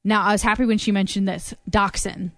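A young adult woman hosting a radio show, chatting casually and reading out items in a steady, conversational way. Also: mid-range voice, brisk, dry recording, studio quality. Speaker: radio host.

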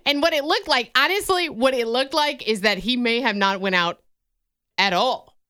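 A woman's voice: fairly high pitch, normal speed, bright, forceful tone, clear, resonant tone, no echo, clean studio sound. A woman co-hosting a radio show, telling a story in a chatty way and laughing often. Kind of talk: casual radio banter.

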